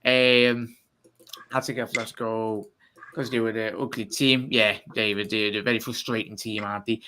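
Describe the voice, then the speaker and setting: A man hosting a fan live stream, talking fast and giving chatty shout-outs. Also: mid-range voice, steady tone. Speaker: fan channel host. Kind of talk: live stream sign-off chat.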